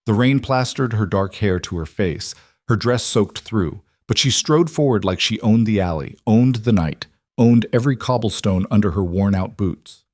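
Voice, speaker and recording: A man with a low voice narrates a dramatic historical story in a steady, measured manner. The recording is dry and close, with no room sound. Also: no echo. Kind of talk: scripted narration.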